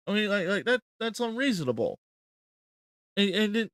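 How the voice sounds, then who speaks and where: A man's voice: high-pitched, dry recording, clean studio sound. A man hosting a reaction commentary, rambling and incredulous, swearing often. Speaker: host.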